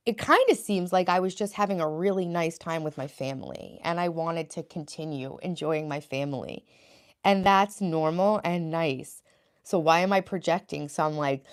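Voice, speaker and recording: A woman's voice: on the low side, lively intonation, moderate pace, a little mellow. A young woman on a casual live stream, chatting with viewers, answering their comments aloud and sharing self-help thoughts.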